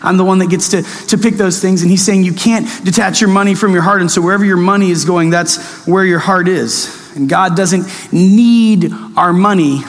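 A pastor gives a sermon in a conversational, animated way, slipping into mock-excited asides. His voice sits high for a man. The sound rings with the long reverb of a large hall. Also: moderate pace, hardly any pauses.

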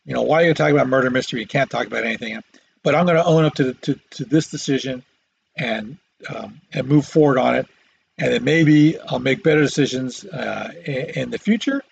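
Gravelly man rambling on a solo podcast. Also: medium pitch, muffled recording. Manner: halting, many fillers and restarts, self-deprecating jokes. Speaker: podcast host. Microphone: microphone.

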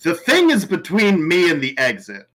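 A male player with a high, bouncy voice talks through a wild plan at a tabletop game. His tone is bright and eager, and he laughs easily as he explains. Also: huge pitch swings, normal speed, low-quality recording. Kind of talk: tabletop game play, casual banter.

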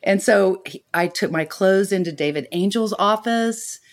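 A woman's voice: medium pitch, a little slow. A woman, a guest actress, telling anecdotes casually and animatedly, often laughing and acting out what others said. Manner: animated storyteller, laughs often, acts out quotes.

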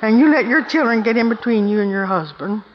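A woman's voice: fairly high pitch, lively intonation, a little fast, slight background noise. An older woman speaks at a women's meeting, telling stories in a folksy, emphatic way and prodding her listeners along. Her voice rings with a long echo through a big hall. The recording sounds a little dull. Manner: emphatic, asks the audience "Hmm?". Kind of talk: folksy storytelling talk to women.

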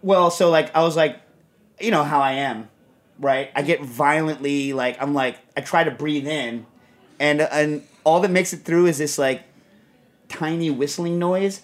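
A middle-aged man hosting a casual chat show, telling stories in a rambling, animated way with lots of fillers. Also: on the high side. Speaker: podcast host.

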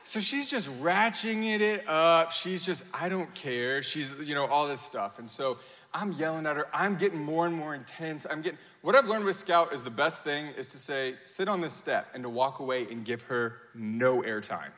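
A man in his thirties preaching a sermon, telling a family story with animated acted-out quotes and self-mocking laughter. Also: fairly high pitch, normal speed. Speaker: pastor. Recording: long hall reverb.

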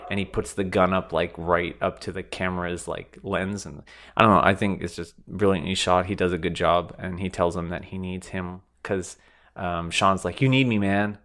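Deep-voiced guy recapping a movie on a podcast, wry, laid-back. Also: moderate pace. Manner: relaxed, wry, filler-heavy. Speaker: podcast host. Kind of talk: casual film recap chat.

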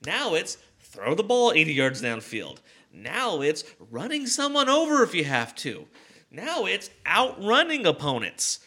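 A man co-hosting a sports podcast in casual chat, animated and quick to act out other people's words. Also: high voice. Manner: animated, acts out quotes in a mock calm voice. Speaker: podcast co-host.

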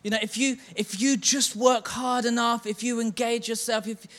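A man's voice: very high voice, level tone, normal speed, fairly bright tone. A church leader giving a sermon, telling stories and chanting a mocking refrain to make his point.

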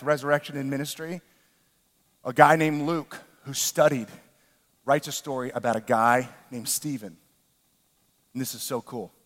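A male pastor preaching an animated sermon, often breaking into shouts. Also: a little high, in a large hall.

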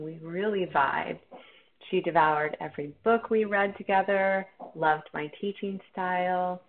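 A woman teacher telling a personal story in a candid, reflective, self-deprecating way. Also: lowish voice. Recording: tinny phone-like line.

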